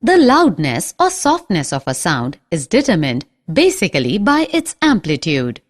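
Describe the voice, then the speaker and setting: Lively woman reading a science lesson. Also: on the low side, unhurried. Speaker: science teacher narrator. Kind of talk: scripted lesson narration.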